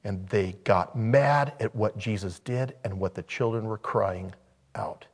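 Animated male preacher. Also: on the low side, measured pace, slightly rough. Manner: animated, acts out quotes, swings from loud to quiet. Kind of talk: sermon.

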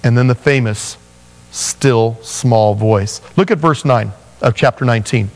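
A man preaching a sermon, telling Bible stories with animated voices for the characters. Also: medium pitch, a little slow, big-room sound. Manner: animated storytelling, acting out biblical figures in voices. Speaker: pastor.

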